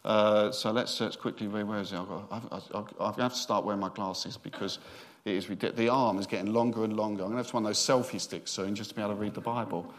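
A man's voice: lowish voice, steady tone, fast, a little hiss or hum. A middle-aged man, a senior minister giving a sermon in a chatty, joking storytelling way.

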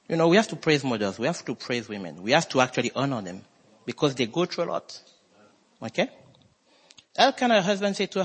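A man preaching a sermon as pastor, emphatic and swinging his voice between high and low. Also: sing-song, a little fast, long pauses, a bit bright, slightly rough. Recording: long hall reverb.

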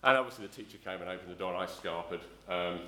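A man's voice: low voice, fast, bright, forceful tone, reverberant. A middle-aged man from south-east London preaching a sermon, telling a rambling personal story with many ums and restarts. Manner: rambling, self-correcting storyteller, frequent ums.

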